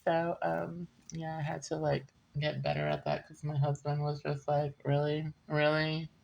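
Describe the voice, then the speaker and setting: A woman's voice: low voice, completely flat delivery, moderate pace, creaky, a little mellow. A woman giving a casual, rambling reading, often laughing and drifting into side stories. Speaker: tarot reader. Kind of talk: casual chatty reading monologue.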